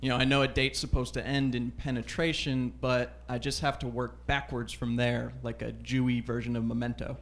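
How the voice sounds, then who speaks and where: A man doing a stand-up routine on a comedy club stage into a handheld mic, telling stories in a deadpan, self-deprecating way. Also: mid-range voice, normal speed, vocal fry, few pauses, slight background noise.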